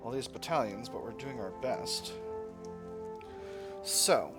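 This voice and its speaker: A let's play gamer casually comments on his strategy game as he plays, thinking aloud and often correcting himself, with game music underneath. He speaks slowly at a medium pitch.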